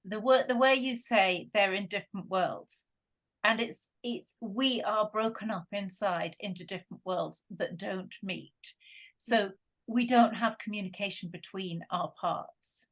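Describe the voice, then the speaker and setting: A woman's voice: mid-range voice, unhurried, fairly bright tone. Scottish woman coach, emphatic. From Scotland. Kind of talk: interview.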